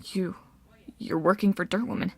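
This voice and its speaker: A woman's voice: medium pitch, steady tone, moderate pace, creaky, a little mellow, slightly rough, no echo. Woman doing a mumbling dazed teen boy. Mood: defiant. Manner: mumbling, meek. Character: teenage boy, dazed and joking.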